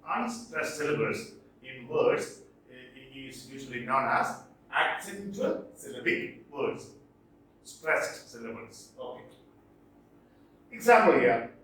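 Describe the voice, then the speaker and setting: A man's voice: a little high, fairly bright tone. A male teacher giving a lecture on poetic meter, explaining step by step, repeating words and checking in with "okay". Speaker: English literature teacher. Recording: echoey room from a distance.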